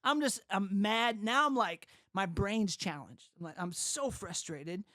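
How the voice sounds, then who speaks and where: A man recounting his own story as a podcast guest, close to the mic in a dead, dry room. He tells it with animated energy and slips into the voices of the people he quotes. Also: high-pitched, measured pace, dry recording. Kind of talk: personal testimony in conversation.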